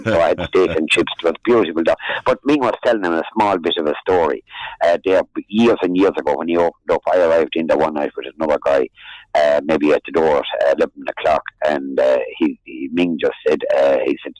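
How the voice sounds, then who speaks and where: A man's voice: low voice, brisk, darkish tone, no echo, low-quality recording. An older Irish man chatting on local radio in a rambling, folksy way, often calling the host "friend". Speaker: regular radio contributor. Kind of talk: casual local news chat. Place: radio studio or phone-in.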